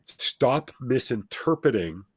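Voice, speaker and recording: A man's voice: mid-range voice, animated, slow pace, husky, dry recording. A man talking as a show guest, telling a personal story in an earnest, motivational way and repeating phrases for emphasis.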